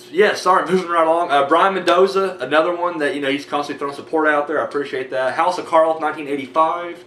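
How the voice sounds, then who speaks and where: A man's voice: fairly high pitch, fast, hardly any pauses, pushed and bright, echoey room, a little hiss or hum. An American man rambling casually with many fillers while thanking his viewers in a vlog. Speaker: movie review vlogger.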